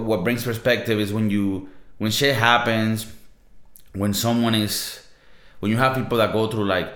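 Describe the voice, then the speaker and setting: A man's voice: on the low side, fairly bright tone. A young man with a Latin American Spanish accent hosting a podcast, talking in a casual, profane, slangy monologue. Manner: laid-back, profane, slangy. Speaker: podcast host. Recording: roomy echo.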